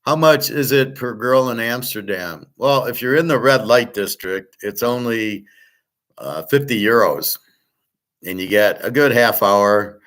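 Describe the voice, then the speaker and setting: A man's voice: mid-range voice, unhurried, a bit bright. A man hosting a show, talking in a blunt, rambling way, with frequent restarts and swearing. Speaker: host. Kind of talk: casual rambling chat.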